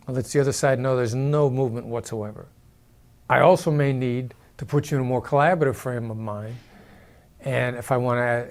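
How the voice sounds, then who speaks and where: A former hostage negotiator giving a measured, explanatory talk to the camera and demonstrating vocal inflections as he goes. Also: medium pitch, a little mellow.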